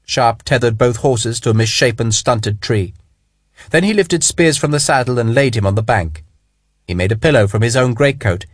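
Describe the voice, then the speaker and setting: A man reading an audiobook as narrator, in measured, even storytelling. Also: mid-range voice, no echo, clean studio sound. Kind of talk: scripted narration.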